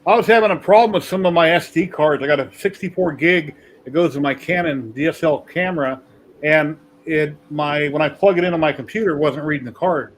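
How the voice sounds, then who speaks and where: A man's voice: a little high, fairly quick, a little hiss or hum, poor audio. Chatty man hosting a livestream. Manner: rambling storyteller. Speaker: podcast host. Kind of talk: casual livestream chat.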